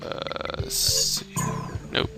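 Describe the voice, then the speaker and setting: A man's voice: extremely slow, loud music behind the voice. A man casually commentating a mystery game, rambling and thinking aloud. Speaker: gamer. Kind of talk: let's play commentary.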